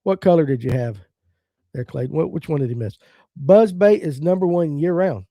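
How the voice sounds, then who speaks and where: Blunt middle-aged man with mellow voice. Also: a little high, moderate pace, no room sound, clean studio sound. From American South. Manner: opinionated, blunt, reads viewer comments aloud. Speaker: fishing podcast host. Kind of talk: casual live-stream chat.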